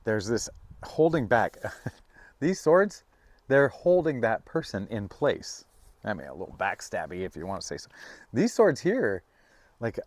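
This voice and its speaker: A man giving a casual, rambling tarot reading, full of fillers and restarts, now and then breaking into high, playful bursts. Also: no room sound. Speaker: tarot reader.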